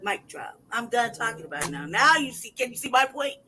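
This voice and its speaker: A man holds forth on a casual livestream in a heated, profane torrent. His voice sits unusually high for a man. He reads documents aloud with open mockery. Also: very animated, fairly quick, sharp tone, a little hiss or hum, rough recording. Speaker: livestream host.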